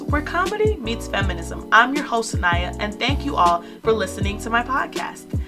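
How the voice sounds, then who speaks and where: A young woman hosting a comedy podcast, giving sassy, opinionated commentary in a casual storytelling way. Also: mid-range voice. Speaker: podcast host.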